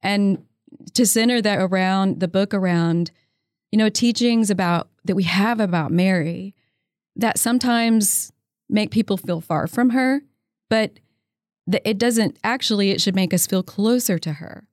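A woman shares stories in a relaxed interview. She has a mid-range voice and speaks with warm, eager enthusiasm. The recording is dry and close. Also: medium pitch, measured pace, no echo. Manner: warm, storytelling, enthusiastic about her faith. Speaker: guest author. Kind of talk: casual interview conversation.

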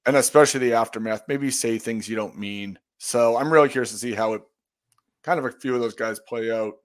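A man's voice: medium pitch, a little fast. A man co-hosting a podcast, talking casually in a thoughtful, rambling way. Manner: thoughtful, rambling with fillers and restarts. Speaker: podcast co-host. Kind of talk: casual chat.

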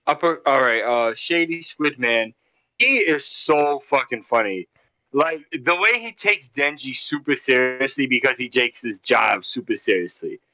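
A man's voice: mid-range voice, animated, unhurried, sharp tone, no room sound, low-quality recording. A man co-hosting a casual podcast, laid-back and swearing casually as he chats. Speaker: podcast co-host. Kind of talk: casual chat.

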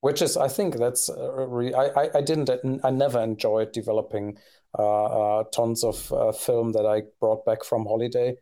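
Hesitant man with a mellow voice. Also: mid-range voice, fairly even intonation, normal speed. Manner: hesitant, many fillers and restarts. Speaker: podcast co-host. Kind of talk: casual conversation.

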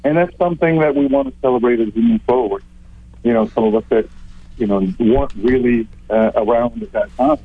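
A middle-aged man who grew up abroad, a council president speaking as a phone-in guest, halting with many fillers. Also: medium pitch, husky, no room sound. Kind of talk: phone-in interview. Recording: dull phone line.

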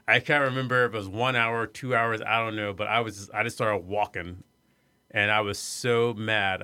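A middle-aged man from Iowa telling a personal story in an interview, soft-spoken and hesitant, with many fillers and restarts. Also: on the low side, smooth, no room sound. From Iowa, USA. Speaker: arts center executive director.

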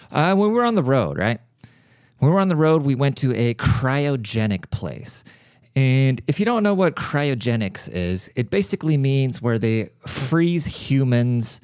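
A man's voice: mid-range voice, a little mellow, clear, resonant tone, no room sound. A man talks into the mic for his own podcast. He wanders from one story to the next, swears freely and jokes as he goes. The sound is dry and close, with no room around it. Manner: rambling, profane, jokey storyteller. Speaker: podcast host. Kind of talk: casual solo podcast monologue. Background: cat crying at times.

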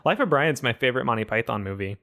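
A man's voice: medium pitch, lively intonation, fast, gravelly, crowd noise. A man chatting casually on a comedy podcast, joking and swearing freely.

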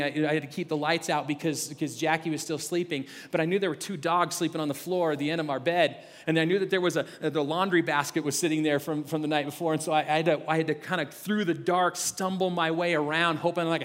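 High-voiced male pastor in a reverberant hall. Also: steady tone, fast talker, hardly any pauses, a bit bright. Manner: conversational, self-mocking storytelling with many restarts. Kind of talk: sermon. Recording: long reverb of a large hall.

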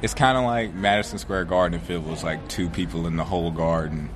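A man chatting outdoors as a comedian guest, telling jokes in an animated, laughing way. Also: low voice, brisk. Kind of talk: casual comedic chat.

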